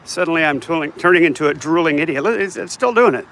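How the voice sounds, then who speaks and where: An older man vlogs casually while walking down a city street, holding his phone and rambling in a joking, self-mocking way. His voice sits on the high side, animated and quick with a fairly bright tone, over a little hiss or hum.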